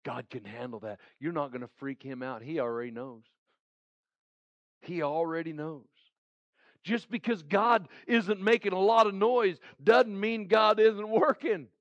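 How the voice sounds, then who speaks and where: A man's voice: high voice, unhurried, no room sound, highs cut off. A male pastor giving a heartfelt sermon who repeats his phrases for emphasis. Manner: heartfelt, pleading preaching.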